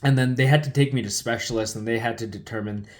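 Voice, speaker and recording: A man's voice: medium pitch, fairly even intonation, quick pace. A man telling his life story in an emotional, loose way, with many fillers and restarts. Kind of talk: personal storytelling talk.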